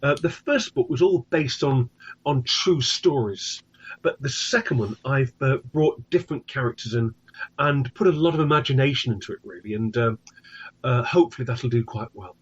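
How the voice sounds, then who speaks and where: A man's voice: medium pitch, normal speed, husky, highs cut off. An English man, a tour guide and author, chatting politely and eagerly as a guest, often ending with "really". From England. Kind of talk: casual interview chat.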